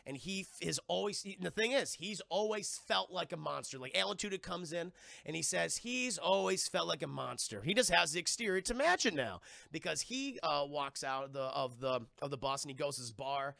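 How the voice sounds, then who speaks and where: Gravelly, bright-voiced man recapping a show. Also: a little high, animated, dry recording, studio quality. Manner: profane, rambling, acts out characters in quick impressions. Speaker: TV review streamer. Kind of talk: casual live-stream recap.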